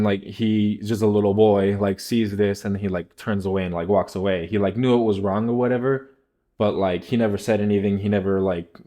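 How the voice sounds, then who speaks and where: A man's voice: lowish voice, a little mellow. A young man telling a rambling casual story, packed with filler words.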